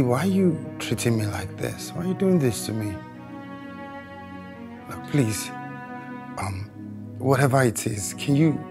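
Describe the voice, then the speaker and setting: A man's voice: mid-range voice, gravelly. An actor with a Nigerian accent playing a man who pleads with his girlfriend over the phone in a film drama. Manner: pleading, earnest.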